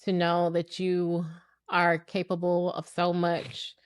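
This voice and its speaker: A woman hosting a heartfelt conversation, speaking softly with gentle affirmations and drawn-out phrasing. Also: lowish voice, monotone, clear, resonant tone, no echo, clean studio sound. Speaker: host.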